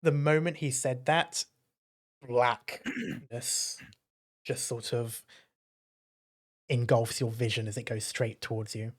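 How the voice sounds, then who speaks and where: A game master narrating a tabletop fantasy game in an unhurried, conversational way, often pausing to find the next word. The delivery sits at a middle pitch and moves at a slow pace. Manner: relaxed narration with frequent hesitations.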